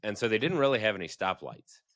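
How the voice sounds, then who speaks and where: A man's voice: lowish voice, sing-song, fast talker, fairly bright tone, no echo, clean studio sound. A man co-hosting a podcast, telling easygoing travel stories in casual chat and chuckling as he talks. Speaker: podcast co-host.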